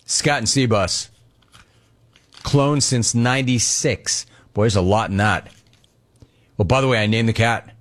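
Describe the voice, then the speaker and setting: A man hosting a sports radio show, reading listener questions and answering them with casual anecdotes and quick impressions of people he talks about. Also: medium pitch. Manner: storytelling, mimics people in anecdotes.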